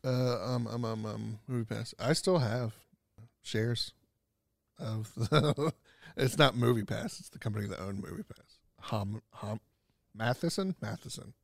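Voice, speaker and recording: A man's voice: medium pitch, a little slow, vocal fry, no echo, studio quality. A man co-hosting a casual podcast with friends, laughing often and acting out quoted voices. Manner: giggly, animated, acts out quoted voices. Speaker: podcast co-host. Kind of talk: casual chat.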